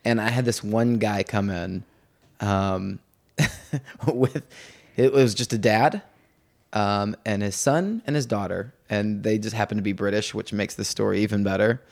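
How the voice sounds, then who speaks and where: A man's voice: fairly low pitch, measured pace, gravelly. Young man telling stories, laughs a lot. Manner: animated storyteller, mimics voices, laughs often. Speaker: podcast host. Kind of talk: casual chat.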